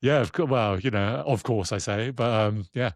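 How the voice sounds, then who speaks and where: A man's voice: lowish voice, normal speed, no echo. Rambling male podcast host, dry sound. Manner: rambling, many fillers and restarts. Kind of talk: casual conversational interview.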